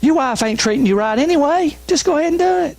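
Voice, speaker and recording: A man voicing a smooth-talking male voice of temptation that soothes and wheedles. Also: very high-pitched, expressive, fast talker, no echo, pitched above the performer's own voice. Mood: coaxing.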